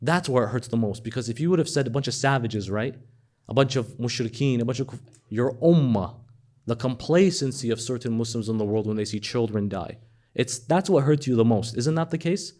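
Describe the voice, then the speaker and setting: A man giving a sermon, swinging between loud emphatic questions and hushed storytelling. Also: mid-range voice, a little fast. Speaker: speaker at a religious gathering.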